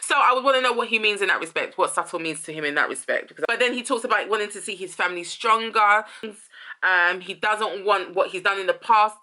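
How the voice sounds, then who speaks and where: A woman's voice: mid-range voice, quick pace, pushed and bright. A woman hosting a casual song commentary, thinking aloud, rephrasing and trailing off as she muses. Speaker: host.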